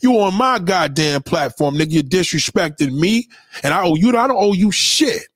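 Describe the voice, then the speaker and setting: A man's voice: high voice, animated, moderate pace, no room sound, studio quality. A man delivering a heated, profane, confrontational rant straight to his audience, with repeated callouts.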